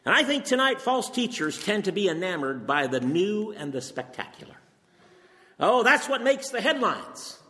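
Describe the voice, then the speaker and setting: A man's voice: high-pitched, very animated, normal speed, few pauses, bright, forceful tone. An older man preaching a sermon, earnest and emphatic, firing off rhetorical questions. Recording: long reverb from a hall.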